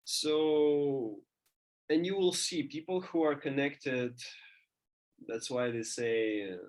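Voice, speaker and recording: Man lecturing, halting and thoughtful. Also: mid-range voice, fairly even intonation. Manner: thinking aloud, many restarts and fillers. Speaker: teacher.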